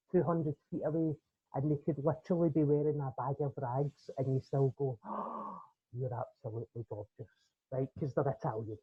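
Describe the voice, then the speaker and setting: A woman's voice: deep voice, husky. A Scottish woman with a Glaswegian accent doing a punchy stand-up routine, chatty and full of asides. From Scotland. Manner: punchy, conversational storytelling with tag questions. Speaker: comedian guest. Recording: tinny phone-like line.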